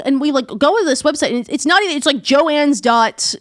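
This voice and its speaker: A woman's voice: high-pitched, a little fast, no echo, clean studio sound. A young woman co-hosting a podcast, chatting casually with lots of "like" and some swearing. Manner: chatty, swearing, animated storytelling. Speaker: podcast co-host. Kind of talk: casual chat.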